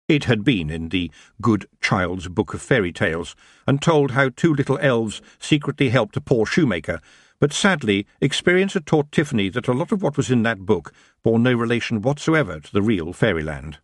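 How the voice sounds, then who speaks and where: A man narrating a fantasy audiobook in a lively storytelling manner. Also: mid-range voice, moderate pace, husky, no echo, studio quality. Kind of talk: scripted narration.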